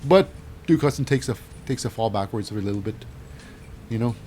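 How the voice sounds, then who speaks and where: A man's voice: mid-range voice, expressive, normal speed, dark tone, a little hiss or hum. A man casually recapping wrestling matches in a rambling, wry way with lots of fillers.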